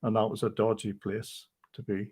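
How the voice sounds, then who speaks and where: An older man reading a rhyming memoir aloud, steady and measured, with brief chat. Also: lowish voice, husky.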